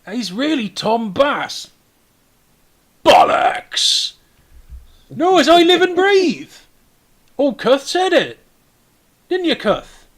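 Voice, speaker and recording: A scruffy, blunt dwarf captain of the guard who hollers in a high, excitable voice and swears freely, as a man puts him on. He is a figure in a tabletop game. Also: takes it slowly, gravelly, pauses often, heavily acted. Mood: boisterous.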